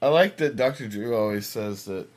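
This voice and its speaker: A man with a fairly low voice, speaking at normal speed, co-hosts a podcast. He chats casually in a laid-back way and laughs easily.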